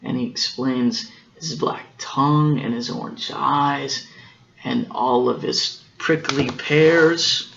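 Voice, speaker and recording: Slow, gravelly dad reading a picture book. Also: male voice, mid-range voice, fairly even intonation, a bit bright, lo-fi sound, slight background noise. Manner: unhurried, pauses to explain the story and corrects himself. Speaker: father reading to his daughters.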